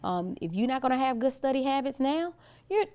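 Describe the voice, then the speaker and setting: A woman's voice: high voice, animated, brisk, darkish tone. A woman hosting a talk show, speaking in an emphatic, encouraging manner. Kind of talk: casual interview talk.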